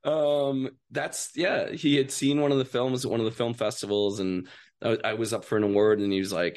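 A man in his fifties, an actor being interviewed in a podcast studio, telling animated stories, acting out other people's voices and laughing often. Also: medium pitch, normal speed. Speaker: guest actor. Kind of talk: casual interview storytelling.

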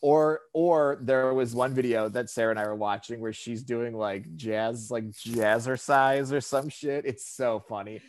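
Male podcast co-host, mid pitch, animated and profane, slips into mocking voices for quotes. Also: measured pace, hardly any pauses. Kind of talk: casual chat.

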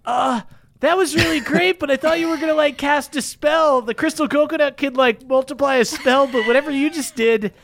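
A man's voice: very high voice, moderate pace, gravelly, a bit bright, pitched above the performer's own voice, full character voice. A man voicing a young male monkey in a tabletop game, eager but a bit let down, talking with hesitant fillers. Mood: disappointed.

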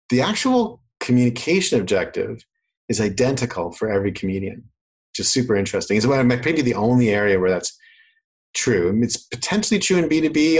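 A man's voice: fairly low pitch, breathy edge, low-quality recording. A man from Canada with a faded Canadian accent, explaining marketing in a casual chat and acting out quoted voices. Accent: Canadian, mostly faded. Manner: animated, acts out quoted voices in his explanations.

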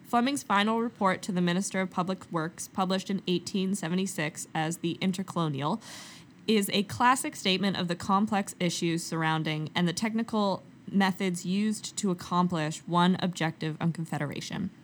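A woman's voice: fairly low pitch, moderate pace, a little hiss or hum. Giggly young woman hosting a history podcast. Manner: giggly, playful, reads facts then jokes. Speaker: podcast co-host. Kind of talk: casual history chat.

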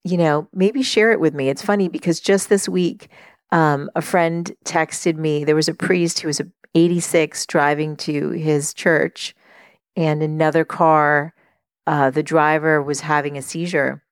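A middle-aged woman hosting a podcast, telling a personal story in an earnest, reflective way, with many pauses and fillers. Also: deep voice, fairly even intonation, smooth, no room sound, studio quality. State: tearful while telling a story. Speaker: podcast host and life coach.

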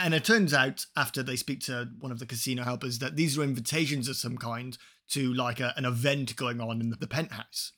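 A man's voice: mid-range voice, a bit bright. A man co-hosting a podcast, recapping a film scene by scene in a wry, exasperated casual chat. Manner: wry, exasperated, fond of tangents.

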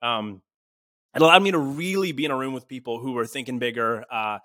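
A man in his twenties, from a small town in Canada, talking as a podcast guest. He tells his story in a lively, casual way and acts out the dialogue he quotes. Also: medium pitch, a little fast, no room sound. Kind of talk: animated storytelling in conversation.

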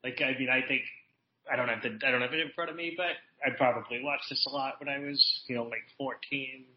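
A man's voice: medium pitch, steady tone, fast. Rambling man with slightly muffled sound. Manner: rambling, lots of restarts and fillers. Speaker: podcast guest. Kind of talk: casual chat.

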